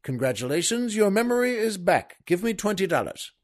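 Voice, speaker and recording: A man's voice: high voice, big pitch swings, a little fast, voice pushed up. A man voicing a sly, unruffled shopkeeper who heals people, polite and smiling. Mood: sly, calm.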